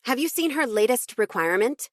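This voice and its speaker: A woman's voice: fairly high pitch, lively intonation, fairly quick, dry recording, studio quality, voice pushed up, lightly acted. A woman narrator voicing a polished young female assistant who speaks in an arch, exasperated way.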